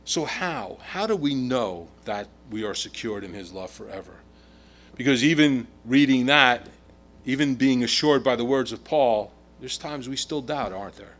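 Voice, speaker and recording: A man's voice: mid-range voice, animated, moderate pace, a bit bright. A middle-aged man preaching a sermon in an emphatic way, his volume rising and falling. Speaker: pastor.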